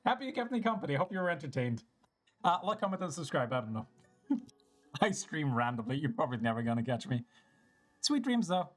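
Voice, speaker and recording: A goofy game streamer rambles through casual commentary and pokes fun at themselves. The voice leaps around in pitch, and faint game music sits underneath. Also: big pitch swings, a little fast, long pauses. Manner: goofy, self-mocking, rambling.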